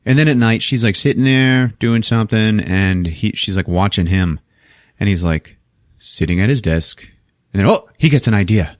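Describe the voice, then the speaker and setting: A man's voice: on the low side, normal speed, no echo, studio quality. A man casually recapping a movie plot on a podcast, laughing often and acting out the characters' lines, with some swearing. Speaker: podcast host.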